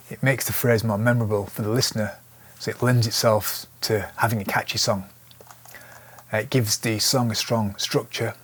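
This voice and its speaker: A songwriting teacher with a fairly low, husky voice gives casual instruction on lyric writing. He's relaxed, thinking aloud and restarting as he goes.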